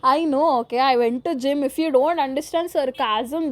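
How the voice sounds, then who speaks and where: Young woman with a cold, solo podcast host, slightly high voice, goofy sarcastic rambling. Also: normal speed. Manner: playful, rambling, sarcastic, mixes Hindi and English, laughs often. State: has a cold. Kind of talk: casual solo podcast chat.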